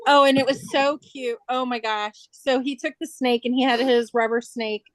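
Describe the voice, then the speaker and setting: An older woman chats over a video call while hosting a sewing night. Her voice sits a bit high and sounds dry and close. She talks like a doting grandmother, easy and rambling. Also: fairly even intonation, moderate pace, no echo. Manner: chatty, doting grandmother talk. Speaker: host of a live sewing stream. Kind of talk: casual chat.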